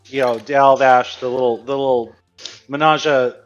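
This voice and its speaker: A man's voice: medium pitch, fairly even intonation, moderate pace, highs cut off, faint music behind. A man narrating as game master in a tabletop game, hesitant and full of fillers.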